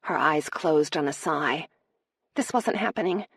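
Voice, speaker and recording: Woman narrator, romance audiobook, deep voice, gravelly, dry close mic. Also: unhurried, no echo.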